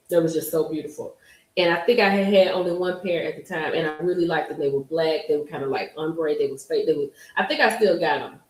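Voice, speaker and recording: A woman in her forties hosting a live stream, chatting casually and telling stories straight to her viewers. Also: medium pitch. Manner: chatty storyteller addressing viewers directly. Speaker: livestream host. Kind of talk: casual gossip livestream chat. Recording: roomy echo.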